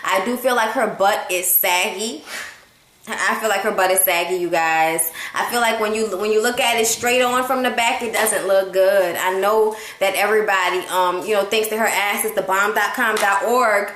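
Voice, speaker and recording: In an echoey room at home, a woman chats with her partner while giving a blunt, profane movie review. She tells it with animated storytelling in a mid-range voice at normal speed.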